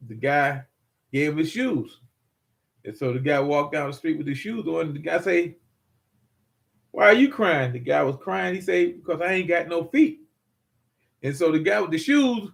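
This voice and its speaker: A man's voice: a little high, creaky. An older man hosting a prepper channel, talking casually to viewers in a rambling, folksy way with many repeats.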